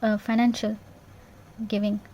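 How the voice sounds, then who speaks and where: A woman giving an intuitive tarot reading in a gentle, reassuring way, repeating herself and checking in with "yeah?". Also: mid-range voice, little pitch movement, a little slow, slight background noise. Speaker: tarot reader.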